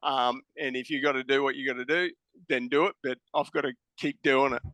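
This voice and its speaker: A man's voice: medium pitch, steady tone, fairly quick, fairly bright tone, no room sound. A man with an Australian accent, a podcast guest telling stories casually and bluntly, swearing freely. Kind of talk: casual storytelling.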